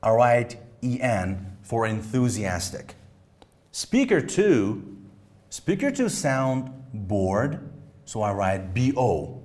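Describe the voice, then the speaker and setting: A male test-prep teacher explains in a slow, unhurried way. His pitch swings widely as he demonstrates rising and falling intonation. His delivery is emphatic and deliberate. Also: very animated, darkish tone. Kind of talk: instructional lesson.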